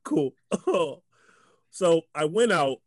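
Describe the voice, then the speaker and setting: A young man, a guest comedian, telling a story in a casual chat, animated, laughing often and acting out the voices he quotes. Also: on the high side, very slow, dry recording.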